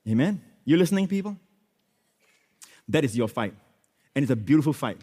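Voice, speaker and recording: A man preaching a sermon in church as pastor, switching between loud, emphatic exclamations and hushed, prayerful phrases, with many repetitions and hallelujahs. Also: medium pitch, big pitch swings, brisk, pauses often, in a large hall. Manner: repeats phrases, frequent hallelujahs and amens.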